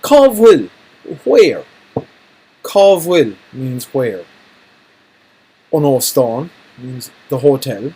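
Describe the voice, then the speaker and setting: Husky man teaching phrases. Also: mid-range voice, big pitch swings, warm tone, rough recording. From Ireland. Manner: jokey, repeats phrases slowly for learners. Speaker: Irish language teacher. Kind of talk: recorded language lesson.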